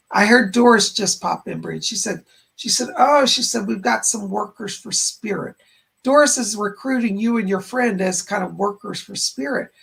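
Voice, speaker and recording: Relaying spirit messages in a rambling way, a man hosts a psychic-medium live stream with readings for donating viewers. His voice is high and a bit bright, and it's starting to go hoarse.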